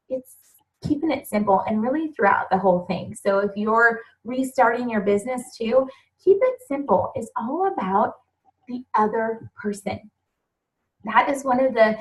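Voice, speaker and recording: A woman with a slightly high voice speaks to her team on a group call. She is earnest and openly emotional, urging newcomers on with heartfelt encouragement. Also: far from the mic, poor audio. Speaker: team leader welcoming new members. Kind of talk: motivational talk on a group call.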